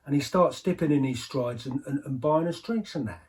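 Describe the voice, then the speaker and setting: A man's voice: a little high, fairly quick, a little mellow, breathy edge. An actor playing an aging ex-henchman, rambling through a colloquial barroom monologue in an audio drama, full of asides to the listener. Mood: wry.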